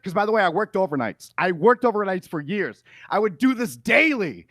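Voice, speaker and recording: A man hosting a podcast, arguing heatedly, yelling and swearing in exasperation. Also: high-pitched, sing-song, normal speed. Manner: yelling, exasperated, profane rants. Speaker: podcast host.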